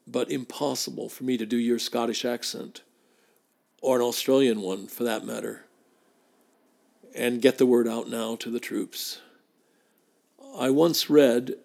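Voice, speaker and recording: Slow gravelly man. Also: mid-range voice, a little mellow. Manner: measured, emphatic repetitions. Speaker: podcast host. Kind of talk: spoken tribute and letter reading.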